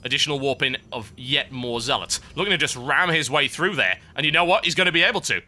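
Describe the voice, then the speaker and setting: A young British man casting a strategy game match with brisk, wry play-by-play and chatty asides. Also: mid-range voice, pushed and bright. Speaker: esports caster. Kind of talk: live game commentary.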